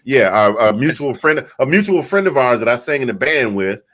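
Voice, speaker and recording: Man, casual podcast chat, rambling, mid-pitched voice, storytelling. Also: very animated, a little fast, fairly bright tone. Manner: rambling, storytelling, many restarts. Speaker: podcast co-host.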